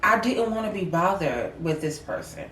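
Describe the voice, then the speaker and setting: A woman's voice: fairly low pitch, very animated, moderate pace, a bit bright, recorded from a distance, slight background noise. A woman co-hosting a casual heartfelt chat, talking emphatically and repeating herself to make her point. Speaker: co-host. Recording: roomy, off-mic sound.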